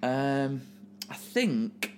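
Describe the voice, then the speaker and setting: A man in his late twenties co-hosts a podcast with a lively, sing-song delivery. He banters and tells stories in a teasing, chatty manner. A faint hum sits under the recording. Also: medium pitch, extremely slow. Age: 20s. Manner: chatty, laughing, teasing storyteller. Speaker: podcast co-host. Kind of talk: casual banter.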